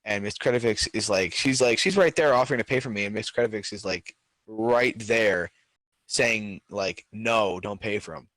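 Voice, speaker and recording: A man's voice: fairly low pitch, moderate pace, a bit bright, no echo. A man co-hosting a podcast, telling stories in casual chat with lots of fillers and restarts. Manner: rambling storyteller, many filler words. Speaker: podcast co-host.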